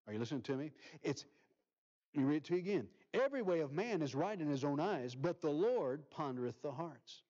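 A male pastor preaching a sermon, reading scripture aloud and swinging from loud emphasis to soft near-whispers. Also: fairly high pitch, big pitch swings, brisk, dull audio.

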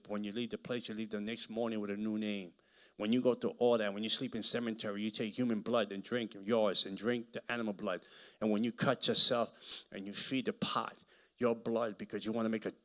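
A man preaching as a guest speaker, telling stories with dramatic swings from quiet murmurs to shouting. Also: lowish voice. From Hispanic American. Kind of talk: preaching with storytelling. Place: church hall.

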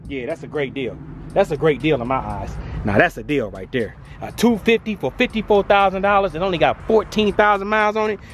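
A man's voice: fairly high pitch, a little fast, a little hiss or hum. A man vlogging casually on an outdoor used car lot, reacting to prices with slangy exclamations, filmed on a handheld phone. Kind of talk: casual walk-around vlog.

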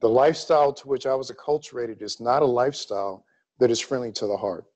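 A middle-aged man from Louisiana giving a grand rounds medical lecture, emphatic and deliberate in his pacing. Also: medium pitch, gravelly, a little mellow, rough recording. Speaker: cardiology lecturer.

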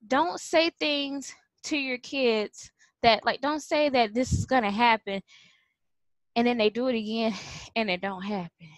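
A woman's voice: fairly high pitch, unhurried, no room sound. A woman telling a story casually to camera, acting out quotes and laughing often. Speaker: vlogger and former preschool teacher.

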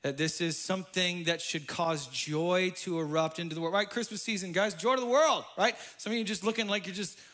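High, bright-voiced animated pastor. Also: male voice, a little fast, hardly any pauses. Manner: animated, swings from soft asides to loud exclamations. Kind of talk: energetic sermon. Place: church.

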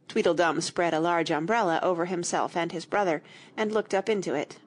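A woman narrating a children's audiobook in an expressive storytelling way, with a breathy voice. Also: on the low side, moderate pace.

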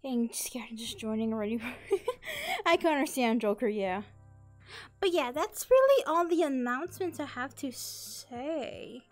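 A woman live-streaming in casual chat, bubbly and excitable, easily startled into loud yelps and laughs, playfully repeating catchphrases. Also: high voice, unhurried, faint music behind.

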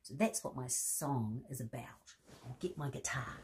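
A woman reading a bedtime story to children, animated and asking the listener questions. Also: a bass voice, a little slow, slight background noise.

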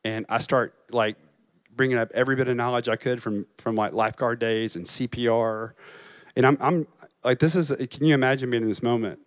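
A man's voice: mid-range voice, fairly even intonation, fairly quick, dry recording. A man, a campus pastor, preaching a chapel sermon and telling a story with emotion, at times crying. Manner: emotional storytelling, voice rising and breaking.

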